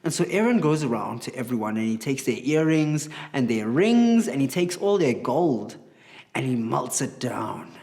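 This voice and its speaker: A man teaching a children's Bible class, telling the story in an animated, chatty way and asking the kids questions. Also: medium pitch, normal speed.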